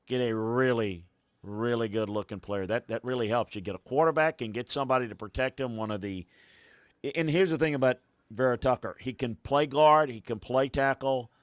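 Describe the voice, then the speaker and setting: A man hosting a draft show, thinking aloud in halting, casual commentary and getting excited when news comes in. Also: medium pitch, no room sound, clean studio sound.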